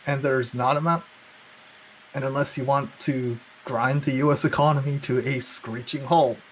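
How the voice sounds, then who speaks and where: A man's voice: medium pitch, fairly even intonation, normal speed, poor audio. Guy ranting about politics, sarcastic, rambly, bit of hiss behind him. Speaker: podcast co-host. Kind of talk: casual political chat.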